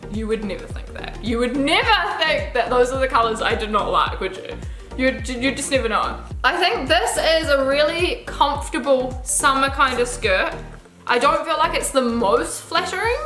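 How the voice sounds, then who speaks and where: A woman's voice: a little high, bright, forceful tone, echoey room. A young woman, chatting casually and gushingly through a clothing try-on haul, swearing now and then. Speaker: fashion vlogger.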